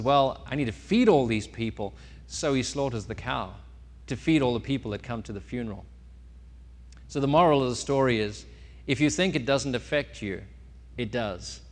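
A man giving a sermon as pastor, telling a story with sudden rises and drops in loudness. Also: medium pitch. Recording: long reverb of a church hall.

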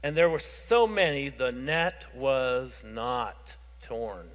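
A male pastor delivers an expository sermon in a mid-pitched voice, dropping low and quiet, then building to loud, fervent emphasis. His voice carries a long reverb, as if recorded in a church sanctuary. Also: lively intonation, slow. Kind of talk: sermon reading and explaining scripture. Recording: reverberant hall.

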